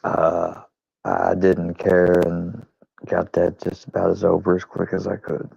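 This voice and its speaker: A man's voice: low voice, monotone, measured pace, gravelly, warm tone, slightly rough, no echo. A man hosting his own channel, telling a rambling, profane, self-deprecating story in casual chat. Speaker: channel host. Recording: dull lo-fi recording.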